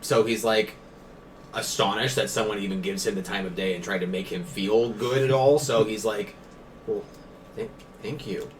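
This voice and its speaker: A man narrating as game master of a tabletop game, telling the scene in a relaxed way. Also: on the low side, moderate pace, recorded from a distance, a little hiss or hum.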